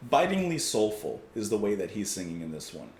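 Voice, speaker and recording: A man's voice: lowish voice, very animated, a little fast, reverberant. A man hosting a casual music reaction, talking enthusiastically, often chuckling and thinking aloud with fillers.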